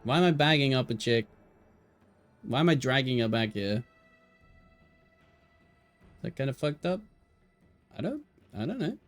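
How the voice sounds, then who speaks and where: A man's voice: medium pitch, lively intonation, normal speed, long pauses, faint music behind. A young man with an English Midlands accent, chatting and joking casually as an esports caster on a live stream.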